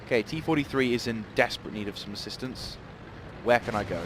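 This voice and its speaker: A man's voice: medium pitch, fast, noisy background. A man giving live gameplay commentary, rambling and swearing in sudden outbursts.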